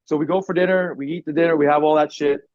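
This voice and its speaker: A man telling a personal story on a podcast, animated and swearing often, acting out what people said. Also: fairly high pitch, quick pace, dry recording. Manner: animated, swears a lot, acts out quotes loudly. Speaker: podcast guest. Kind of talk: casual storytelling. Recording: dry, dull lo-fi podcast audio.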